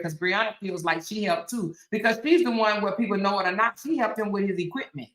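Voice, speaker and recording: A woman's voice: mid-range voice, a little fast, few pauses, a bit bright, echoey room, poor audio. A woman hosting an opinionated commentary monologue, emphatic and repetitive, often checking in with "right?". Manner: emphatic, repeats phrases, frequent "right?". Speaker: commentary host.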